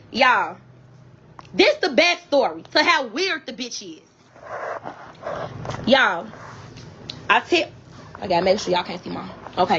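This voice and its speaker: A woman telling her own wedding story to viewers on a livestream from her bed. She is animated and profane, keeps calling her viewers y'all, and speaks. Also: high-pitched, dull audio. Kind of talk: casual storytelling to a live audience. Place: at home in bed.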